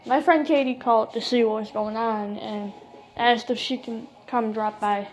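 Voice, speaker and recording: A woman's voice: on the high side, steady tone, normal speed, low-quality recording. A woman casually telling a creepy true story, cursing freely and retelling what everyone said. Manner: casual, swears freely, retells talk with "I'm like".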